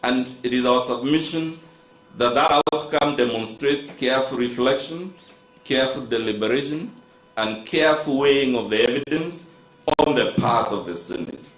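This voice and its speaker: A man's voice: medium pitch, normal speed. Kenyan man arguing in an echoey court. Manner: formal, rhetorical, repeatedly addressing the judge. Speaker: advocate. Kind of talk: courtroom legal submission.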